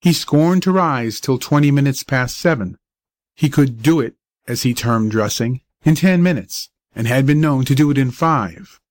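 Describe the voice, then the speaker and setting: A man reads a novel aloud at an even, steady pace. His voice sits at a middle pitch and sounds close and dry. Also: moderate pace, dry recording. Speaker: audiobook reader. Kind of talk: audiobook narration.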